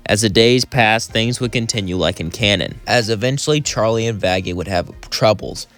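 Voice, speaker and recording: Casual low-voiced male storyteller. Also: normal speed, a bit bright, faint music behind. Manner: rambling, loosely improvised. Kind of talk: casual fan-fiction narration.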